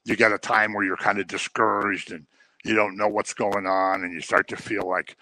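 A man's voice: fairly low pitch, flat delivery, normal speed, bright, forceful tone, no echo. A man teaching the Bible in a conversational way, telling the stories and acting out the people he quotes. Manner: informal, with fillers and restarts. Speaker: preacher.

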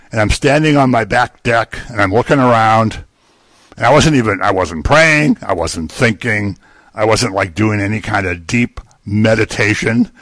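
A man's voice: on the low side, fairly bright tone, no room sound. Older male preacher, conversational, jokes between points, dry close sound. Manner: conversational, joking asides. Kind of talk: sermon.

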